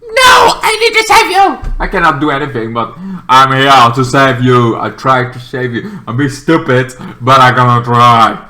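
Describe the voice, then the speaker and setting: A man voicing a panicked young male hero hopeful who shouts in a high, strained voice. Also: big pitch swings, normal speed. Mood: desperate.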